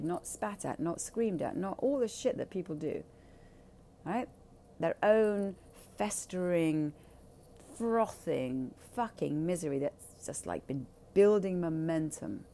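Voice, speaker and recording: A woman's voice: fairly low pitch, mellow, slight background noise. A woman speaking candidly in a blunt, profane and emphatic way. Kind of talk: candid casual talk.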